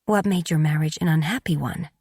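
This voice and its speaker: A woman voicing a gentle, sympathetic young noble wife with a husky voice, speaking softly and quietly in a romance audiobook. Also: deep voice, a little fast, no echo, clean studio sound. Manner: soft and quiet.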